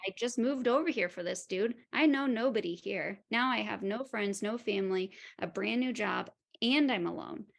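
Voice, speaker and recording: A woman's voice: medium pitch, moderate pace, creaky, hardly any pauses. A woman speaking as a podcast guest, telling a personal story openly and frankly, laughing at herself and acting out what other people said.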